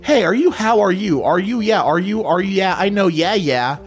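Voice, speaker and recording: Young dude doing goofy post reactions, voice jumps all over, a little music in the back. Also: male voice, high voice, moderate pace. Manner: animated, jokey, mock-confused readings. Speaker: reaction commentator. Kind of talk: reading posts aloud and reacting.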